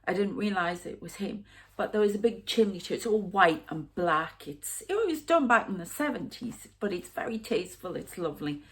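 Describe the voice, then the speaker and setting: A woman in her fifties, a psychic medium talking through a rambling, halting spiritual vlog monologue with hushed asides. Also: on the low side, animated. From United Kingdom. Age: 50s.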